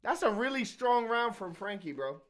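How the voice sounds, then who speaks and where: Male reaction host, fairly high voice, relaxed and halting delivery. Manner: easygoing, trails off with fillers. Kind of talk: casual reaction commentary.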